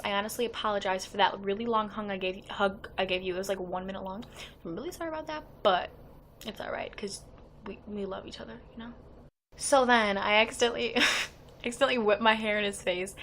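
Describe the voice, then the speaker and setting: A teenage girl chatters through a long fan story in a casual vlog, slipping into everyone's lines with a steady stream of "like". Her voice sits at an ordinary middle pitch. A faint hiss of background noise runs under her talk. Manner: chatty and excitable, quoting others with "like". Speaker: fan vlogger.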